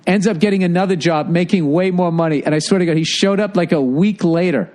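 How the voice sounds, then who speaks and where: A man co-hosting a podcast, telling profane, animated stories in casual chat. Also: high-pitched, quick pace. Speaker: podcast co-host.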